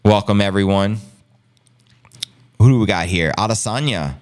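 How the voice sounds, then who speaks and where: A man's voice: lowish voice, normal speed, long pauses. A man with a New York City area accent hosting a casual live stream, reading viewer chat and calling his audience family. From Long Island, New York. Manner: animated, hype-filled, talks to viewers as family. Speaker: livestream host reading chat.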